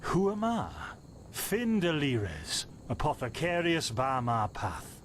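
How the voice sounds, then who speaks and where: Genial, wry apothecary. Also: male voice, on the high side, slow pace, a little hiss or hum, full character voice. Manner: genial, dryly amused, lively. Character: friendly, wry male herbalist apothecary. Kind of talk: game voice acting.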